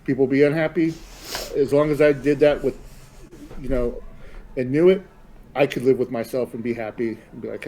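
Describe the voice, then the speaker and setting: A man hosts a relaxed podcast chat in a mellow, warm-toned voice. He rambles easily and offers friendly advice with plenty of fillers. His pitch sits at an ordinary middle level. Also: moderate pace, long pauses, a little hiss or hum, rough recording. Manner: easygoing, rambling, gives advice with many fillers. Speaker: podcast host.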